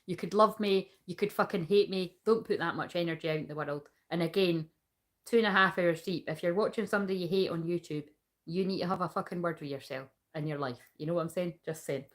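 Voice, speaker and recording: A woman's voice: fairly low pitch, fast talker. A woman giving a livestreamed tarot reading, chatting casually with her viewers and swearing freely. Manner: talks to viewers and chat while reading cards. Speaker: tarot reader.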